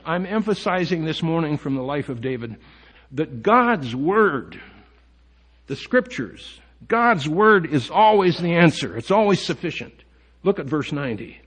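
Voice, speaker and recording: A man's voice: fairly high pitch, expressive, a little slow, a bit bright. Earnest preaching man reading scripture. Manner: earnest preaching, reads scripture aloud, asks the congregation questions. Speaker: pastor. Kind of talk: sermon. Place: church.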